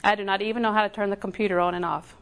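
An older woman preaching a sermon in a folksy, storytelling way, with slow emphatic repetition. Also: mid-range voice, fairly even intonation, fairly bright tone.

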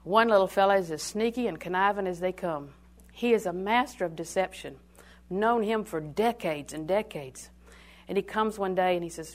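An older woman preaching a sermon in a call-and-response style, swinging from loud declarations to hushed asides. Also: medium pitch, fairly quick.

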